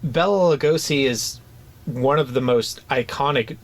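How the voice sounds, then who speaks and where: A man in casual chat as a podcast co-host, his voice sitting in an ordinary middle pitch. He talks conversationally, stopping and restarting his sentences often, with plenty of fillers. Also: unhurried.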